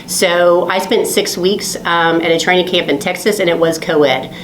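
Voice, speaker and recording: Low-voiced reflective woman, roomy sound. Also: steady tone, a little hiss or hum. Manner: measured, reflective, many fillers. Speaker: Air Force officer, former ROTC cadet. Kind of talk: recorded oral history interview. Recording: roomy recording.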